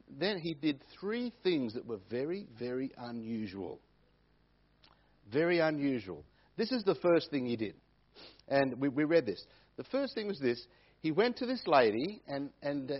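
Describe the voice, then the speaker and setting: Male preacher, slightly high and husky voice, dull lo-fi recording, sermon delivery. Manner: repeats key phrases for emphasis.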